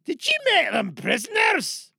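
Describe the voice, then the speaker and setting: A man's voice: very high voice, wildly swooping pitch, unhurried, vocal fry, bright, forceful tone, no room sound, studio quality, exaggerated voice. A man voicing a brusque, impatient male director, barking orders in an audio comedy sketch.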